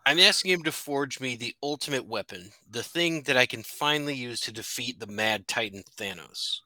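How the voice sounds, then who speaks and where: A man co-hosts a podcast, teasing his partner with playful questions and frequent laughter. His voice is very bright and animated, recorded dry and close. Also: mid-range voice, normal speed, dry recording. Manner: joking, lively, laughs often. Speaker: podcast co-host. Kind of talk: casual chat.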